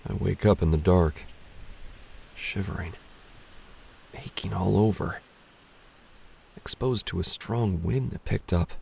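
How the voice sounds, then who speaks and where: Slow gravelly male storyteller. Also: deep voice, a little mellow, slight background noise. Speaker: narrator. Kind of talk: first-person short story reading.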